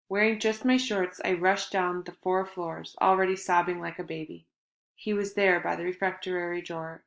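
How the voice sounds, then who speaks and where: Earnest woman audiobook narrator, lowish voice, dramatic swings, roomy echo. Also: gravelly, fairly bright tone. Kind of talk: first-person audiobook narration. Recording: echoey room.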